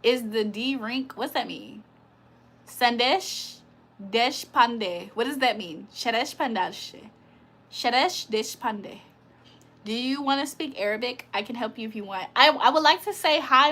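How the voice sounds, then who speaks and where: A woman's voice: fairly high pitch, fairly bright tone. A woman hosting a casual livestream, reading viewer comments aloud, teasing them and laughing often. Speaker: livestream host.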